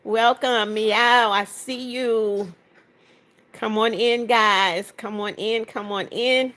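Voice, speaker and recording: A woman's voice: fairly high pitch, steady tone, slow, a bit bright. Chatty woman streamer greeting viewers. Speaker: livestream host. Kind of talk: casual livestream chat reading comments aloud.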